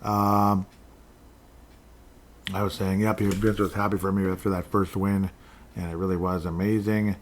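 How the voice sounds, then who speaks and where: A man's voice: low voice, level tone, moderate pace, long pauses, slight background noise. A man hosting a casual solo podcast, rambling along and reading out listener comments with a chuckle. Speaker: podcast host.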